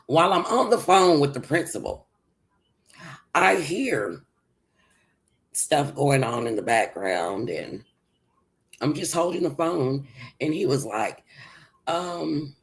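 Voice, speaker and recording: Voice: medium pitch, very animated, slow, long pauses, low-quality recording. A livestream host telling a personal story, rambling and circling back with many restarts.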